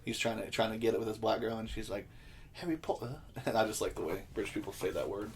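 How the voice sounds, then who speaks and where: A man's voice: fairly low pitch, flat delivery, very fast, a little hiss or hum. A young man co-hosting a podcast, chatting casually in a rambling, jokey, profane way and laughing often. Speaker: podcast co-host. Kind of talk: casual chat.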